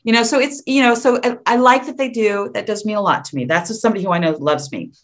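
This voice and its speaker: A woman in her fifties speaks candidly as an interview guest. Her voice sits in a middle pitch range. She laughs easily and sometimes trips over her words as she restarts a thought. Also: fast talker. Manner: open and frank, laughs often, with some stumbling restarts.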